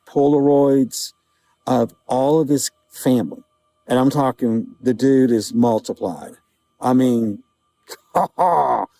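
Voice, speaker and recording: A man vlogging outdoors, telling a vivid personal story in a casual, halting way, with quoted dialogue. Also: mid-range voice, warm tone, low-quality recording. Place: outdoors outside a small-town grocery store.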